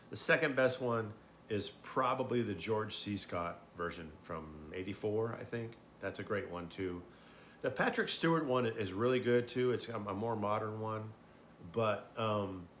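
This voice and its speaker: A man with a fairly low voice rambles casually, slightly tipsy, swearing often and restarting his sentences. He trails off with fillers as he goes. Faint background noise sits behind him. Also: fairly bright tone. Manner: meandering, profane, frequent fillers and restarts. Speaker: host.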